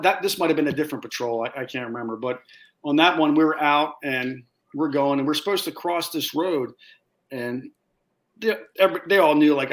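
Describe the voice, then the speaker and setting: A man guest telling a casual, animated story with laughs, acting out what others said. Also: mid-range voice. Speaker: guest, former Marine sniper.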